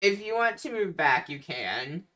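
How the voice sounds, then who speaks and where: A woman running a tabletop game as dungeon master, narrating slowly and laughing often. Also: on the low side, big pitch swings, bright, forceful tone.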